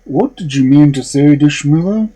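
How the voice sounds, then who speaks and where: A man voicing a huge, gruff, suspicious male ogre in a storybook reading. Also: a little high, animated, moderate pace, mellow, voice pushed up.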